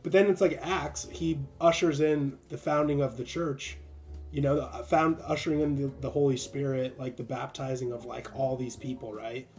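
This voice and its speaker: A young man in casual conversation about faith, animated and laughing often, acting out quick voices. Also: mid-range voice, soft background music.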